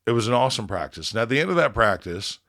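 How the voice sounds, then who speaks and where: A man's voice: fairly low pitch, very animated, quick pace, a bit bright. A man, a band leader on a podcast, telling a rambling, profane story in casual chat and acting out quoted dialogue.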